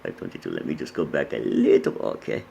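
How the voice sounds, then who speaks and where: Male host, sarcastic running commentary, mellow tone, very lively pitch, faint noise. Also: quick pace, creaky. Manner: sarcastic, gleeful, swears a lot. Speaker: host doing commentary over a TV clip. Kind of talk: excited crude running commentary.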